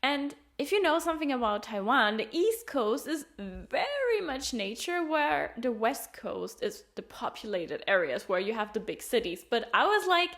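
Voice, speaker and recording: A woman's voice: high voice, very animated, measured pace, hardly any pauses, fairly bright tone. A young woman travel vlogger chatting casually, laughing often and acting out little quotes as she tells her stories. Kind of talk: casual chat.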